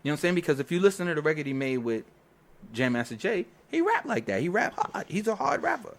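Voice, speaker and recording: A New York record producer swaps studio stories in a casual interview, swearing freely and acting out the people involved as an animated storyteller. His voice is fairly high, fast and gravelly.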